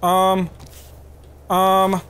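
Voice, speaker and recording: A man doing live gameplay commentary, excitable and profane, trash-talking and yelling at opponents. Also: high-pitched, extremely slow, clear, resonant tone. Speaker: gaming YouTuber. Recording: game music under the voice. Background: video game music and sound effects.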